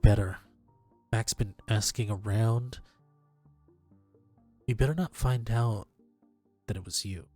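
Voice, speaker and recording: A man's voice: steady tone, takes it slowly, long pauses, a little mellow, soft background music. A man voicing a hostile young woman, curt and scornful, in a tabletop game. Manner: curt, scornful, low-voiced.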